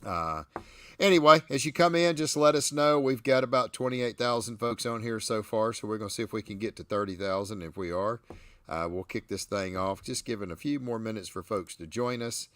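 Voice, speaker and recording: A man's voice: fairly low pitch, a little fast, a bit bright, no echo. Southern male host, joking and folksy, dry booth-like sound. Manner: folksy, joking, laughs often. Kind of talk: livestream podcast chat.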